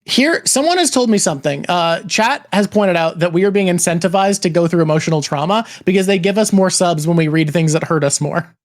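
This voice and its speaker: A young adult streamer with a British Columbian Canadian accent, chatting excitedly and swearing casually on a livestream. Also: mid-range voice. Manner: excitable, swearing, quick restarts. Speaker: streamer host.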